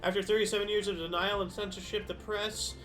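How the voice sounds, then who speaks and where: A man's voice: high voice, flat delivery, fast talker, a bit bright. A man hosting a casual history stream, reading dates aloud and then musing to himself in loose, rambling asides. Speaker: history show host. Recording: faint background music.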